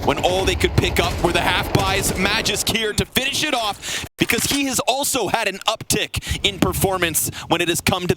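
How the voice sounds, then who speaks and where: A man calling an esports match play-by-play, fast and rising to shouts at big plays. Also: fairly high pitch, background noise. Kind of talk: live esports commentary.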